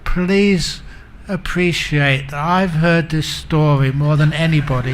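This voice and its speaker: A man's voice: fairly high pitch, fairly even intonation, takes it slowly, background noise. A man giving a Buddhist dharma talk, telling humorous stories and chuckling at his own jokes. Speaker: Buddhist monk teacher.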